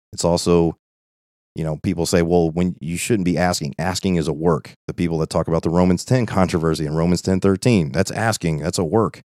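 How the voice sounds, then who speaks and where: A man's voice: low-pitched, darkish tone, dry recording, clean studio sound. A man teaching an informal Bible study in an earnest, conversational way, often checking in with "okay?".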